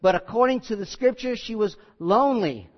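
A man's voice: high-pitched, expressive, moderate pace. A male pastor preaching a sermon in a folksy, joking way that turns earnest and emphatic. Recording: slightly muffled recording.

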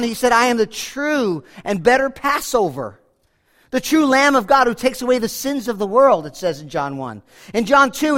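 A man preaching a sermon, animated, slowing down for quotations and often repeating and restarting his phrases. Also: very high voice. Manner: animated, dramatic swings in volume, slows for quotations.

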